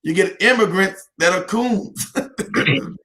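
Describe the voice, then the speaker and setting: A man's voice: high voice, slow, sharp tone. A man from the United States talking as an interview guest, emphatic, repeating himself and laughing between points. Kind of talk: heated interview talk.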